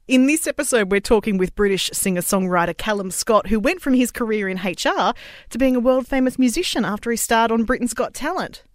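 A woman's voice: mid-range voice, dry recording. Podcast host: woman, upbeat and teasing, dry close sound. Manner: bright, playful, laughing. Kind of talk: podcast interview.

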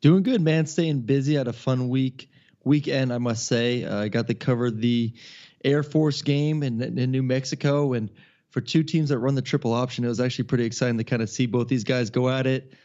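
Male sports podcast co-host, relaxed and rambling, slightly dull recording. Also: mid-range voice, brisk. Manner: relaxed, rambling, upbeat, says "man". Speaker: podcast co-host and football broadcaster. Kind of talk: casual sports podcast chat.

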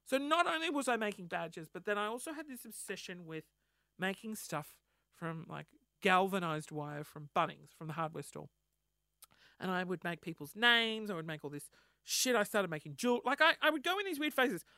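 A man's voice: sits high, animated, moderate pace, gravelly, sharp tone, no echo, studio quality. An Australian man telling stories about himself in a casual, self-mocking way, with casual swearing. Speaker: podcast host. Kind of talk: casual storytelling monologue.

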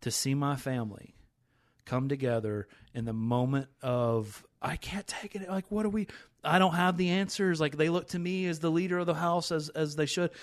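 A man's voice: on the high side, moderate pace. A man hosting a rehab ministry podcast, talking in an earnest and emotional way with many restarts. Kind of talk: candid faith podcast chat.

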